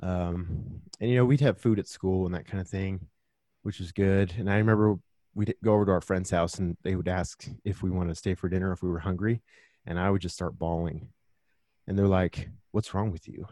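A man's voice: low-pitched, fairly even intonation, brisk, dark tone, no echo. A man talking earnestly and reflectively as a podcast guest, telling stories from his own life in a casual conversation.

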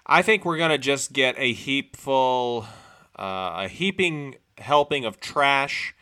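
A man's voice: mid-range voice, animated, slow pace, bright, forceful tone, clean tone. A man co-hosting a casual movie chat, talking in a loose, rambling way. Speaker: podcast co-host.

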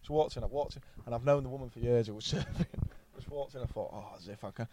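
A man's voice: mid-range voice, fast talker, background noise. A man, a podcast guest telling rambling anecdotes bluntly and swearing freely. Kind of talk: casual storytelling chat.

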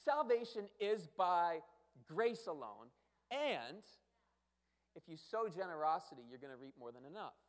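High-voiced preacher in a reverberant hall. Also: male voice, very animated, measured pace. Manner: emphatic, rhetorical questions, repeats for effect. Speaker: pastor. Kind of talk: sermon. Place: church sanctuary.

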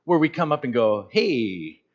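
A man in his fifties preaches a sermon in a mid-pitched voice, animated and conversational with joking asides. He speaks as a pastor addressing a congregation. The recording sounds a little dull and lo-fi. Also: normal speed. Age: 50s.

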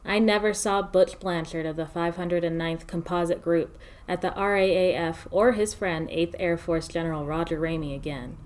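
A woman narrates a first-person story in a fairly low voice. Her delivery is steady and measured, with lines laid out one at a time.

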